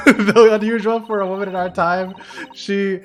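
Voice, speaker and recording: A man's voice: sits high, steady tone, measured pace, faint music behind. A man reading a nervous, proper young woman. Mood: explaining. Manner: anxious, proper.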